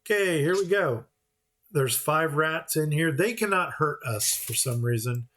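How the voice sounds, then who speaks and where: Casting note: a chatty male gameplay commentator with a slightly high voice, explaining as he plays. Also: animated, a little slow, fairly bright tone. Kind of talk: casual let's-play commentary.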